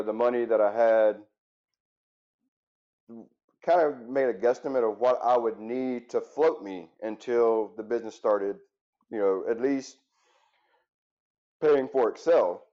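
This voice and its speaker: A man in his thirties talks candidly and reflectively, often restarting his sentences. His voice is warm and dark, of medium pitch. The recording sounds a little muffled. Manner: earnest and reflective, with frequent restarts. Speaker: interview guest, former firefighter turned business owner. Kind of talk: candid interview storytelling.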